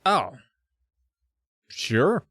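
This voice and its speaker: A man's voice: on the high side, sing-song, extremely slow, fairly bright tone, breathy edge, no echo, clean studio sound. A man hosting a podcast, recapping a book chapter in a joking, rambling way with asides. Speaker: podcast host. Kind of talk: casual comedic book recap.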